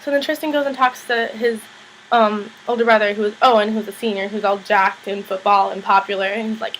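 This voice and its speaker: A woman's voice: fairly even intonation, brisk, a bit bright, a little hiss or hum, rough recording. A young woman vlogger casually recapping a TV episode, chatty and full of "like", acting out the characters' lines as she goes. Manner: chatty, lots of "like", acts out characters' lines in higher voices.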